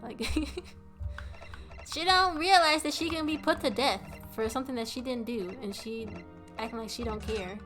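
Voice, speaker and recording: A woman's voice: a little high, measured pace, a bit bright, soft background music. A young woman streamer commenting casually on a game, filling her talk with "like". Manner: casual, lots of "like". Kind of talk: live gameplay commentary.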